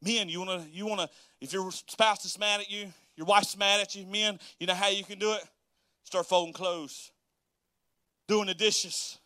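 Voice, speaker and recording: A man's voice: sits high, steady tone, normal speed, sharp tone, no echo, studio quality. A man preaching a sermon as pastor, folksy and dialect-heavy, laughing often and acting out quotes.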